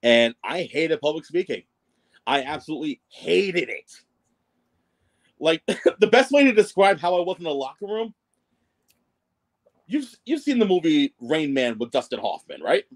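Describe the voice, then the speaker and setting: With a fairly high, sing-song voice, this man takes his time and leaves long pauses. As a guest in a casual podcast interview, he tells a rambling, self-deprecating story about his wrestling ring announcer days, with many fillers and restarts.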